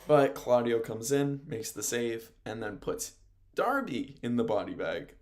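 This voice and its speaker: A man's voice: medium pitch, sing-song, a little slow, a little mellow. A man who hosts radio and calls play-by-play, chatting loosely through a recap, rambling, chuckling often and correcting himself. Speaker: radio host and play-by-play announcer. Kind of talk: casual sports talk recap.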